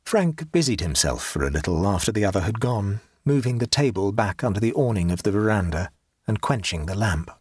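A man narrating an audiobook in a measured, expressive storytelling manner. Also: on the low side, breathy edge, no room sound, clean studio sound.

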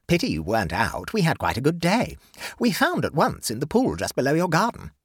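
A man reading aloud, voicing a brisk, chatty country lady neighbour in a story. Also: fairly high pitch, wildly swooping pitch, slightly rough, no echo, studio quality, voice pushed up, full character voice.

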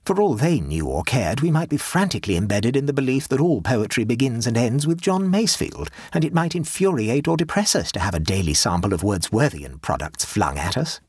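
A man's voice: mid-range voice, very animated, brisk, few pauses, a little mellow, breathy edge, no echo. A man reading aloud and voicing a weary, sardonic Edwardian society wife, in a raised voice with tired defiance and dry wit. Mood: wearily defiant.

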